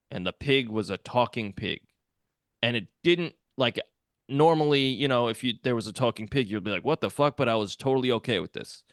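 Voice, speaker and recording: A man's voice: medium pitch, fairly bright tone, no room sound, clean studio sound. A man co-hosting a podcast, telling dream stories in casual chat, swearing and laughing often. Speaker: podcast co-host.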